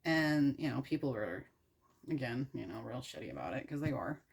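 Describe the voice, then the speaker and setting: A young adult woman from the United States retells an old story while working with her hands, irreverent and profane. Her voice sits low and has a husky edge. She rambles with lots of fillers and asides. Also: expressive, normal speed. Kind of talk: casual storytelling while crafting.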